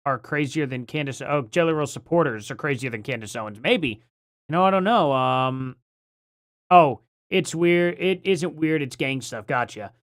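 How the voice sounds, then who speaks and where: A man's voice: fairly high pitch, a bit bright, clear, resonant tone. Musing man hosting a live reaction. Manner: musing, halting, filler-heavy. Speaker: livestream host.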